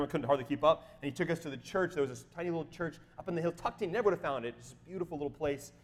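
A middle-aged man preaching, telling a travel story in an animated way, acting out quotes in sudden high voices. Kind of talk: sermon storytelling.

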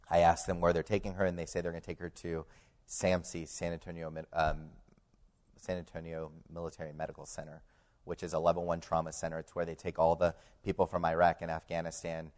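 A man telling his family's story as a personal faith testimony, halting with many fillers and growing much quieter in the tense parts. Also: rumbling low.

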